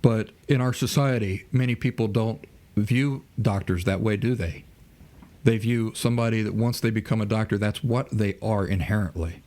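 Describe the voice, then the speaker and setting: Lower-voiced man asking rhetorical questions. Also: normal speed, darkish tone. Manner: asks rhetorical questions and acts out mock dialogue. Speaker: podcast host. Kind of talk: lecture-style monologue.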